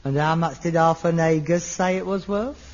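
A middle-aged man, acting in an old TV sitcom, theatrical and excitable, muttering one moment and ranting the next. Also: a little high, moderate pace, natural voice. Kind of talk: 1960s-70s TV sitcom acting. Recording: lo-fi archive TV sound with faint hiss.

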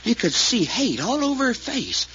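An actor playing a folksy rural eyewitness, speaking in a drawl with rustic grammar in 1940s radio style. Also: male voice, very high voice, big pitch swings, moderate pace, bright, forceful tone, heavily acted. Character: folksy rural man, eyewitness called Doc. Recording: muffled old radio recording with faint hiss.

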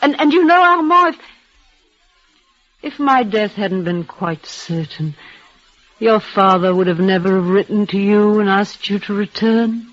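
An actress playing a frail, devoted young woman near death, speaking in a halting, breathless, emotional way in a 1940s radio play. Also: mid-range voice, expressive, faint music behind, lightly acted. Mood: resigned. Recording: muffled old radio broadcast.

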